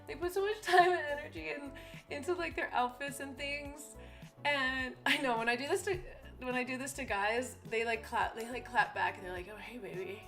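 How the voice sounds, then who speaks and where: A chatty young woman talks on her live stream, giggling often and slipping into other people's voices as she tells stories. Her voice sits a little high, with soft music playing quietly behind her. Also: normal speed. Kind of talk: casual chat on a live stream.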